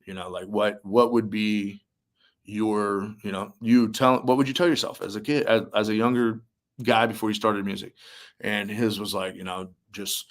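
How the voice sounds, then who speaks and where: A man's voice: lowish voice, moderate pace. A young man, a musician and army veteran, telling stories casually in an interview, acting out quotes between many fillers. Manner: animated storyteller, acts out quotes, many fillers.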